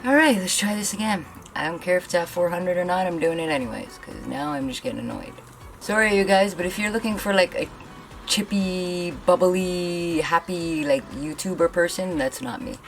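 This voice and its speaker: A woman's voice: fairly low pitch, expressive, moderate pace, faint music behind. A young woman from Canada vlogging a hair tool demo, talking bluntly and venting her frustration. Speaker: beauty vlogger. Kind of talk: frustrated product demo vlog.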